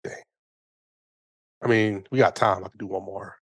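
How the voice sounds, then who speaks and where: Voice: sits low, steady tone, moderate pace, fairly bright tone, dry recording. Podcast co-host with a dry, teasing voice. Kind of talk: casual chat.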